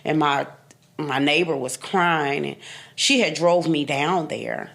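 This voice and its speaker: A slow, low-pitched voice with a creaky, somewhat bright quality belongs to a woman in her fifties on a podcast. She candidly recounts her story with bluntness and emphatic repetition, occasionally laughing through tough memories.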